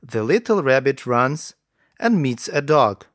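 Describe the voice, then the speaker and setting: A man narrating children's stories in a slow, careful way for English learners, with lively intonation. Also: mid-range voice, dry recording, studio quality.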